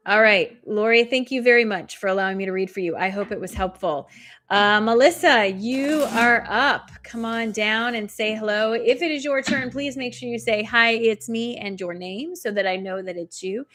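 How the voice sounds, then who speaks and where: Fast-talking woman giving intuitive readings. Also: a little high, fairly bright tone. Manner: soothing, spiritual, chatty with viewers; talks fast. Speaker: intuitive reader and coach, live stream host. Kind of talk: live oracle card reading stream.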